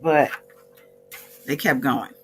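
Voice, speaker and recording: A woman's voice: a bass voice, steady tone, takes it slowly, faint music behind. A woman vlogger casually recapping a court day from her notes, with chatty asides and frequent self-corrections.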